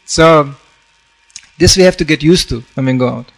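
A man's voice: on the high side, normal speed, vocal fry. Storytelling man preaching a sermon. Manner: storytelling with acted-out quotes, frequent "you know". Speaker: monk preacher.

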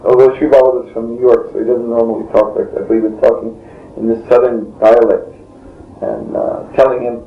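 A man's voice: medium pitch, little pitch movement, fairly quick. A man being interviewed, telling a long story in a rambling way, often breaking off and chuckling. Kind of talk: casual spoken storytelling. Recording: dull lo-fi tape in a roomy space, faint hiss.

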